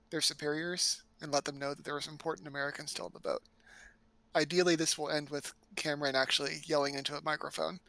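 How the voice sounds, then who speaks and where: A man with a fairly high, gravelly, bright voice plays a tabletop game and lays out his plans in long explanations. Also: no room sound. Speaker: player. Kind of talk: casual tabletop play.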